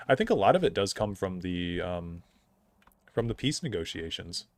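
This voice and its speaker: A man's voice: low-pitched, lively intonation, normal speed, dry recording. A young man streaming a game, chatting casually in a rambling, opinionated way full of fillers. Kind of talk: casual gameplay commentary.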